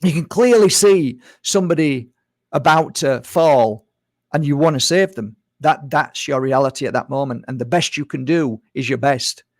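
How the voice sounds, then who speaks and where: A man giving a reflective spiritual monologue, talking conversationally, repeating himself and slipping into quick mimicry of others. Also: on the high side, no echo, studio quality. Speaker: spiritual speaker.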